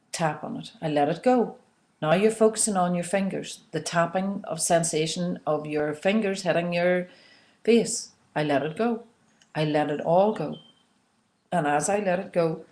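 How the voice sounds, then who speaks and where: A woman coaching listeners through an emotional tapping exercise, often checking in with "okay?" and leading them in slow breathing and softly repeated release phrases. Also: fairly low pitch. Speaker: self-help coach. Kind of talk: guided instructional talk on emotional tapping.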